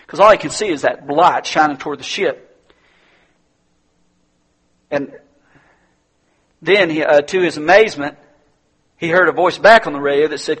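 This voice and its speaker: A male pastor delivers an earnest sermon, often repeating words as he builds a point. His voice sits somewhat high and has a husky edge. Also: moderate pace, long pauses, fairly bright tone.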